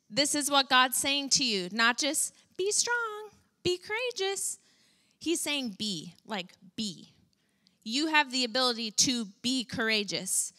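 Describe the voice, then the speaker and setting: A woman delivers an animated sermon to her congregation, occasionally mimicking whiny complaints in a high voice.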